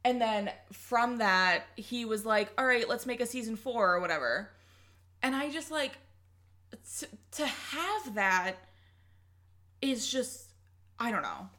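A woman's voice: fairly high pitch, animated, slow pace, long pauses, bright, forceful tone. A young woman co-hosting a casual podcast, ranting heatedly and swearing often. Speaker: podcast co-host.

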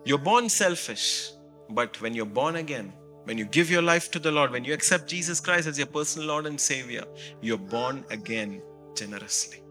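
A male pastor preaching with a bright, forceful voice, telling stories in a lively, chatty way and leaning on "you know" fillers. Faint music plays softly behind him. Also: mid-range voice, moderate pace. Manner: animated storytelling, frequent "you know" fillers. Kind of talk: sermon.

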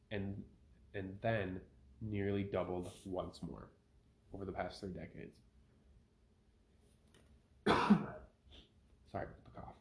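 A man's voice: low voice, fairly even intonation, takes it slowly, pauses often. A man hosting his own podcast, reading a news article aloud and breaking off to rant with opinionated asides. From Minnesota. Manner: opinionated, ranting, self-correcting. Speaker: podcast host. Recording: roomy home podcast recording.

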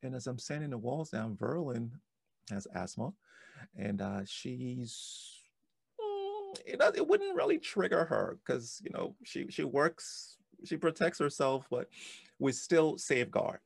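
A man in his forties, a podcast host, telling a personal story in an animated way, often repeating and restarting words. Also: mid-range voice, measured pace, gravelly, no echo.

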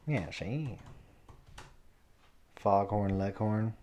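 A man's voice: on the low side, extremely slow, dark tone, dull audio. A man co-hosting a podcast, chatting casually in a rambling, joking, profane way. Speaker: podcast co-host.

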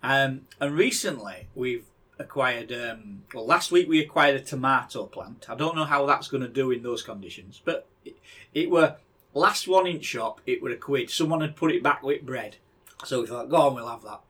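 A man's voice: mid-range voice, lively intonation, normal speed, sharp tone, breathy edge. A middle-aged man, co-hosting a podcast in casual chat and rambling, often repeating words as he starts a sentence. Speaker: podcast co-host.

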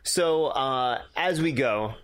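A man hosting a podcast in casual chat, upbeat and excitable as he thanks his guests and the chat. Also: mid-range voice, takes it slowly, clear, resonant tone. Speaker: podcast host.

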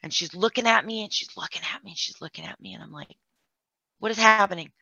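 A woman candidly recounting a painful family story in an emotional way, with vocal fry. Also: medium pitch, fast talker, bright, forceful tone, no room sound. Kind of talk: personal storytelling. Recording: dull, dry lo-fi sound.

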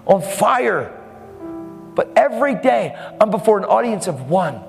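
A man's voice: high voice, sing-song, moderate pace, gravelly. A man preaching a sermon boldly and emphatically, with laughing asides. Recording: hall reverb with faint music.

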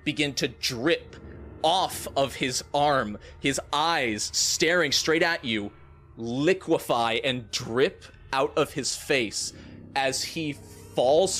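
A man's voice: mid-range voice, takes it slowly, a bit bright, faint music behind. A man running a tabletop game as game master, narrating scenes vividly and with suspense. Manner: vivid, suspenseful description with playful asides.

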